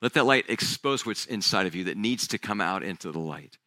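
A male pastor preaching a sermon, telling stories in a casual, conversational way, often dropping to a quiet, intense voice when he quotes someone. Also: low voice, animated, a little fast, dry recording, clean studio sound. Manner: conversational storytelling with casual fillers.

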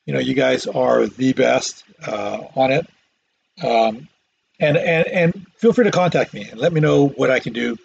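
Gravelly man rambling on a solo podcast. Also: medium pitch, a little mellow, no echo, muffled recording. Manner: halting, many fillers and restarts, self-deprecating jokes. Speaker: podcast host. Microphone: microphone.

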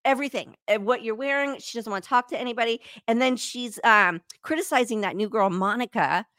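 A woman hosting a podcast in casual chat, animated, laughing often and breaking off mid-sentence. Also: on the high side, fairly quick, no room sound. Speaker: podcast host.

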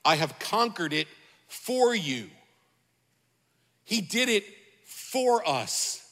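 Preaching a fervent sermon, a male pastor speaks in a high, bright, ringing voice, very animated and stretching out his words. He repeats phrases and calls out to the congregation, and a long reverb suggests a large hall.

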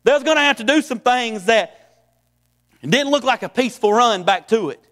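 Preacher guy, high voice, folksy and rambly, big echoey hall sound. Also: animated, moderate pace, a bit bright. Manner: folksy, repeats phrases and restarts often. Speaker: pastor. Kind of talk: sermon.

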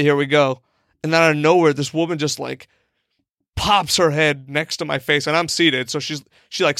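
Here a young man rambles through a funny story on a podcast he co-hosts, saying "like" constantly and performing the people he quotes. The voice is fairly high, smooth and fairly bright with vocal fry, recorded cleanly in a studio with no echo.

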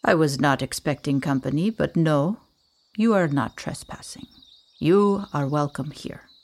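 A woman voicing a grave, bearded older man who speaks slowly and formally with a thick foreign accent. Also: sits low, a little mellow.

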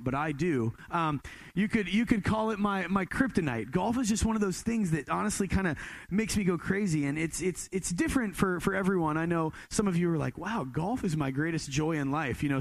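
A man's voice: on the high side, creaky, dry recording. A man in his twenties preaching a sermon, telling a casual self-deprecating story with many restarts. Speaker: pastor.

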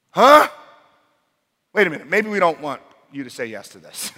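A male pastor preaching in a large church hall, his voice carrying a long reverb. He speaks with a bright, forceful tone, and his storytelling is animated and full of dramatic turns. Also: on the high side, normal speed, long pauses. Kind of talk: sermon.

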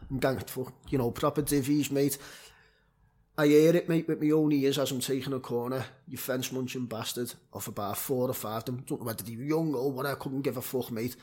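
Husky scouse fella, ex footballer, swearing loads, rambly casual chat. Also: male voice, medium pitch, fairly quick, darkish tone. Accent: Liverpool. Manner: blunt, sweary storytelling with many fillers. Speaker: former semi-pro footballer guest.

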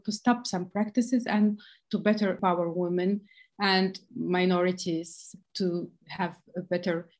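Measured woman, halting with fillers. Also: medium pitch, mellow. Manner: measured, thinks aloud with frequent fillers. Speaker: interview guest, tech policy expert. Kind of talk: conversational interview answers.

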